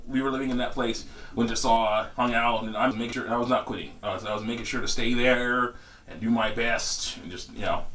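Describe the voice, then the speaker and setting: A young man telling a story in a casual vlog, rambling and laughing often, jumping into high voices for quotes. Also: a bit bright. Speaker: vlogger. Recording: distant from the mic.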